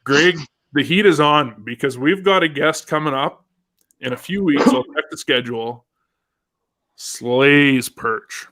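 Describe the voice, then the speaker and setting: A man's voice: on the high side, a little slow, sharp tone. A man hosting a casual live fishing show, upbeat and chatty, reading out viewer comments. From Canada. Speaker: host.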